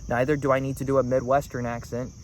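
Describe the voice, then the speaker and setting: A man's voice: medium pitch, flat delivery, quick pace, slight background noise. A man talking to the camera in a rambling, earnest monologue. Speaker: vlogger.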